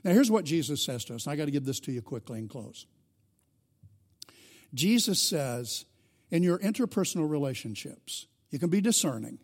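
A man's voice: on the high side, sing-song, moderate pace, breathy edge. A middle-aged male pastor delivering a sermon, earnest and building to fervent emphasis.

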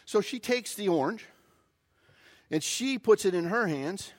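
A male pastor preaching a sermon, opening with a folksy, animated story. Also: high-pitched, measured pace.

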